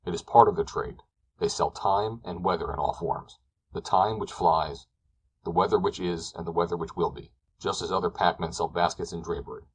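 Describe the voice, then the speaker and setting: Low breathy guy reading an old novel aloud, steady and descriptive. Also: poor audio. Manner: measured, descriptive storytelling. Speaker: audiobook narrator. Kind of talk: scripted narration of a classic novel.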